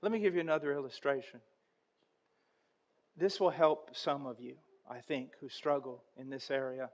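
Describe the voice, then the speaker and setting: A man preaching a sermon, telling an illustration with impassioned intensity that swells toward near-shouting. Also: medium pitch, fairly even intonation, normal speed. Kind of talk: sermon with storytelling.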